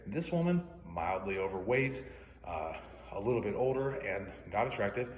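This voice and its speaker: An indignant man rants and swears, clearing his throat now and then. His voice sits low. It rings in a roomy space with a long reverb tail and faint noise underneath. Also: expressive, moderate pace. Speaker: vlogger. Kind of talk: angry ranting monologue. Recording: echoey room with faint noise.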